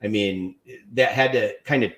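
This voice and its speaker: Rambling podcast host in echoey room. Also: male voice, lowish voice, moderate pace. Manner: rambling, filler-heavy, swings loud and soft. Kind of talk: conversational podcast interview.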